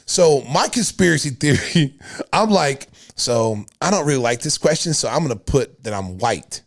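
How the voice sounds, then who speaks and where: A man's voice: medium pitch, very animated, normal speed. A man in his fifties hosting a podcast, telling a story in casual chat, laughing often and acting out what people said. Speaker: podcast host.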